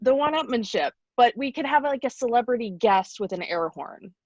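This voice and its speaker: A young adult woman chatting casually on a podcast, pitching ideas and laughing often. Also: expressive, moderate pace, no echo, highs cut off.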